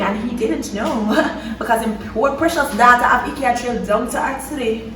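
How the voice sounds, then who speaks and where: A young woman from Jamaica with a Jamaican accent, telling a story in a lively, dramatic way with patois slipping in. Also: on the high side, moderate pace, echoey room, far from the mic, slight background noise, poor audio. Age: young adult. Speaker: vlogger. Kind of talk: storytime chat.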